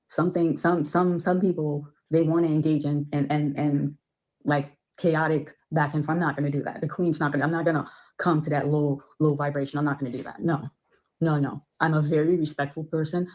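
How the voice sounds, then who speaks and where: A woman from Ohio speaks as a podcast guest, her voice low and husky. She talks emphatically, circling back and repeating words to drive her points home in a loose, conversational way. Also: darkish tone, low-quality recording. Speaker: guest filmmaker. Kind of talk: casual podcast talk.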